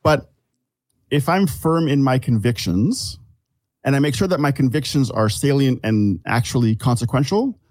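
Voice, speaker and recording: A man's voice: mid-range voice, lively intonation, normal speed, darkish tone, dry recording. Rambling, reflective man on a podcast. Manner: reflective, rambling storyteller who restarts sentences; calls himself an overthinker. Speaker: podcast guest. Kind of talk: casual podcast conversation.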